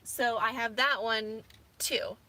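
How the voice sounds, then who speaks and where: A woman's voice: on the high side, steady tone, takes it slowly, bright, forceful tone. A woman in her thirties, rambling casually with many fillers as a vlogger from inside her camper van. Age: 30s. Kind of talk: casual chat.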